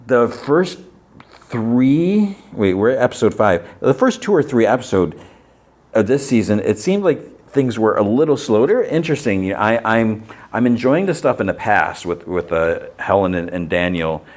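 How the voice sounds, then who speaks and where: A man's voice: mid-range voice, big pitch swings, measured pace, darkish tone. A man hosting a podcast, recapping TV episodes in a casual, rambling way with many fillers. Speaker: podcast host.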